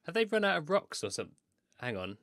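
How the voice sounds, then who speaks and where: A man playing a tabletop game over a voice call, animated and quick to laugh. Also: on the high side, a little hiss or hum. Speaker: player.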